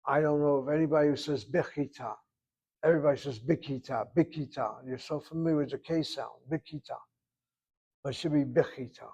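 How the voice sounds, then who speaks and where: An older man teaching a Hebrew class, explaining grammar patiently and step by step, repeating words slowly. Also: on the high side, level tone, a little mellow, dull audio.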